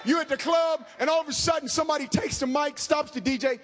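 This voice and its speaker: A man preaching a fervent sermon, talking fast and calling out to the congregation. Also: extremely high pitch, a bit bright. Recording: long hall reverb.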